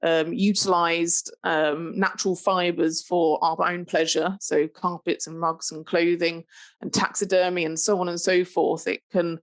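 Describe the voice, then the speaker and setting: A woman's voice: on the low side, little pitch movement, unhurried. A woman presenting a live training webinar on pest control, chatty, with lots of fillers and restarts. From United Kingdom.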